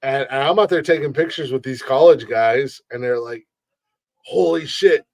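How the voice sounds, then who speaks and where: A man's voice: mid-range voice, a little fast, a little mellow, no echo. A man hosting a podcast, telling stories in a loose, profane, rambling way and repeating words as he goes. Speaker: podcast host. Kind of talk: casual storytelling chat. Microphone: streamed podcast mic.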